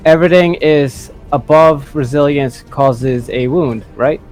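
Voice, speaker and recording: Game master man, slightly high voice. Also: measured pace, a little mellow, soft background music. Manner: dramatic narration, casual rules chat. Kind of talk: tabletop game narration and rules talk.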